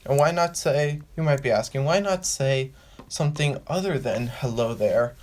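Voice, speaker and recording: A man hosts a casual fan explainer video in a mid-range, slightly mellow voice at normal speed, with a bit of hiss or hum in the recording. He rambles, restarts, and repeats phrases while working through his point, acting out quoted lines in a raised voice.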